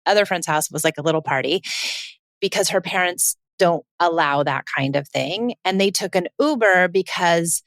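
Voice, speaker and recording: A woman's voice: fairly low pitch, normal speed, dry recording, studio quality. Chatty woman telling a family story. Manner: chatty, animated retelling with quoted dialogue. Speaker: parenting podcast host. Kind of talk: casual storytelling monologue.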